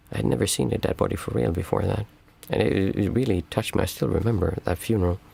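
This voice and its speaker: A man hosting a meditation stream, answering viewer questions in a calm, reflective, halting way. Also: sits low, gravelly, husky. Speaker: meditation teacher and stream host. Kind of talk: livestream Q&A talk.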